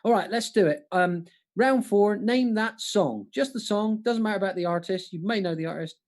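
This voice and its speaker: A panto comic co-hosting a livestream music quiz, jokey and chatty, often stumbling and restarting. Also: male voice, sits high, moderate pace, darkish tone.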